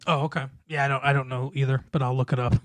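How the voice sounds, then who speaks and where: A man co-hosting a casual podcast, chatting about a movie with wry humor, often laughing and trailing off quietly. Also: mid-range voice, level tone, very fast, dry recording. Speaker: podcast co-host. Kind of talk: casual chat reviewing a movie.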